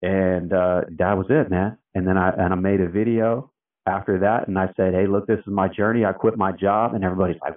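Male guest, very low voice, sits far off the mic, chatty storyteller who acts out quotes. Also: fairly even intonation, brisk. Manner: loose and chatty, filler-heavy, acts out quotes. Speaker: interview guest. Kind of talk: casual storytelling. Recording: tinny phone-like sound, distant from the mic.

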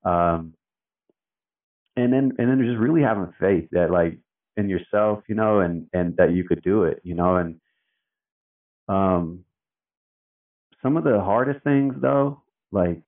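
Laid-back man on a tinny distant line. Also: low voice. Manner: laid-back and slangy, peppers talk with "man" and "dude". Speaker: interview guest, founder of a tradesman community brand. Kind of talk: casual storytelling. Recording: tinny phone-like line, away from the mic.

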